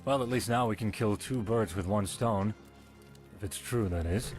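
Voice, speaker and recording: A man's voice: lowish voice, moderate pace, soft background music, natural voice. A man voicing a stern captain of the guard. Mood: wary.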